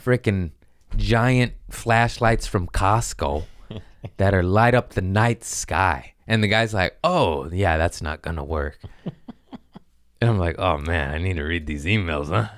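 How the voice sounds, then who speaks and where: A young man with a low, deep voice tells a rambling, profane comedy story, laughing at himself and acting out other people's lines. The sound is close and dry, with no room around it. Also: a little slow, dry recording. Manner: profane, self-mocking, animated with quoted voices. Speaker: podcast host.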